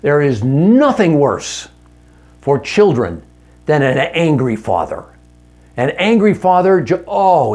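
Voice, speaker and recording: A man's voice: fairly high pitch, sing-song, takes it slowly, darkish tone, soft background music. Earnest man teaching a marriage seminar. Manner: earnest, direct, uses rhetorical questions; candid and conversational with self-corrections.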